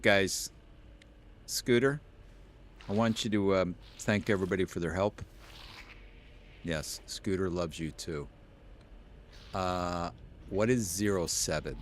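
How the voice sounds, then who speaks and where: A young man live-streaming a game, chatting with viewers and reading chat aloud, easily excited. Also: deep voice, slight background noise.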